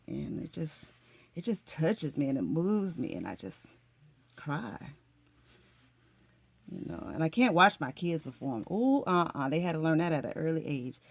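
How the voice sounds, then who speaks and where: A woman's voice: lowish voice, lively intonation, moderate pace. A middle-aged woman from Florida, chatting to her viewers in an emotional, talkative way and calling them "honey" and "y'all". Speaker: vlogger. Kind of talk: casual chat to camera.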